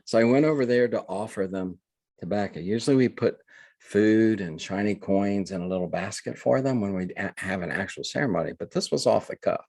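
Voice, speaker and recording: An older man speaks in a low, husky voice. He tells his story earnestly and in halting bursts, often restarting his phrases. The sound is dry and close, with no room echo. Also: darkish tone. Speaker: guest, reverend. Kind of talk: conversational storytelling.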